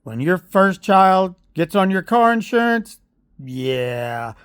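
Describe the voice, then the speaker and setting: A man's voice: high voice, very animated, slow pace, fairly bright tone, clear, resonant tone, no echo, clean studio sound. Blunt, heated man. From Oklahoma. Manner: heated, blunt storytelling with sarcastic asides. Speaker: parent vlogger. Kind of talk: ranting vlog monologue.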